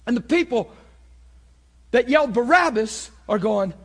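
A man preaching a sermon with passion, moving between loud bursts and hushed, intense talk. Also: very high-pitched, animated, a little slow, husky.

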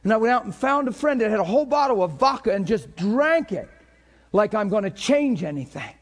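A middle-aged male pastor preaching a sermon with passion, dropping to near whispers and rising to shouts. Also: sits high, lively intonation, a little fast. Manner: impassioned preaching that swings between hushed and shouted.

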